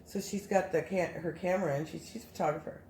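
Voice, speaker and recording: A woman casually telling a story as a guest, animated and rambling with many restarts. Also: lowish voice, fast, roomy sound, a little hiss or hum.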